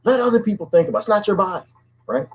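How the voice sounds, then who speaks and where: A man's voice: high-pitched, rapid-fire, husky, poor audio. A man talking alone in a casual, preachy monologue, often asking "right?" and repeating words. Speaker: commentary host.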